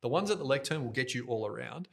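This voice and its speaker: A man in middle age, talking as a guest in a podcast studio. His voice is bright and forceful, and he talks in lively, fast bursts. He is close on a directional microphone. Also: mid-range voice, vocal fry. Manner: energetic, fast, jokey, talks with his hands toward the mic. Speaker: guest, event host and MC. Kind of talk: animated interview storytelling.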